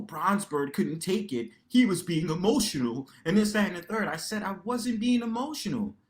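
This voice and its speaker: Loud, expressive man hosting a livestream. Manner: loud and expressive, lively pitch swings; slangy, many rhetorical tags. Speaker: livestream panel host. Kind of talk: casual livestream monologue.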